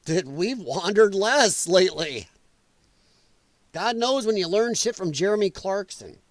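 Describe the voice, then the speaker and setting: A man's voice: high-pitched, expressive, measured pace, no room sound. A man hosting a podcast livestream, rambling in casual commentary and reacting aloud to viewer chat. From United States. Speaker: podcast host.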